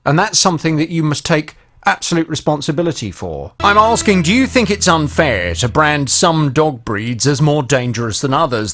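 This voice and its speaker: Male phone-in host, animated and conversational. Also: fairly high pitch. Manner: animated, conversational, addresses listeners directly. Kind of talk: radio phone-in talk.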